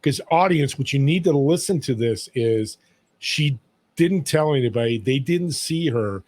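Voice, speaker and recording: A man's voice: mid-range voice, lively intonation, unhurried, darkish tone, no echo. A man on a podcast as a guest, talking in an emphatic, storytelling way about serving others. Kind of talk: motivational interview talk.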